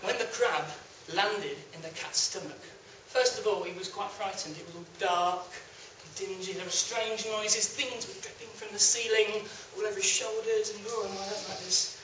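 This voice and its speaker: A young man tells a folk tale in a lively, animated way, his voice high and bright. It bounces around a roomy hall and is picked up from a distance. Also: normal speed, hardly any pauses, slight background noise. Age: young adult. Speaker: storyteller. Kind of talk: live folk tale telling.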